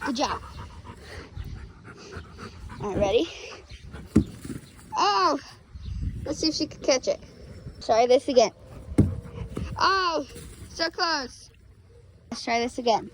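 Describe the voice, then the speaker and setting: Outdoors in a backyard, a woman dog sitting for her vlog talks to the dog in sweet, coaxing baby-talk, recorded on a handheld phone with background noise. Her high, expressive voice moves slowly and pauses often.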